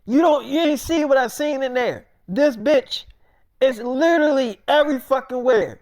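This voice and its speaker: A man's voice: very high voice, normal speed, no room sound, pitched above the performer's own voice. A man voicing a furious young male rapper who rants with constant profanity during a live stream. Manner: profane shouting rant.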